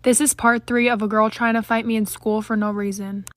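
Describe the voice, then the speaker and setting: A woman's voice: a little high, little pitch movement, fairly quick, no echo. A woman telling a casual storytime close to a phone mic, chatty with lots of "like" fillers and casual swearing.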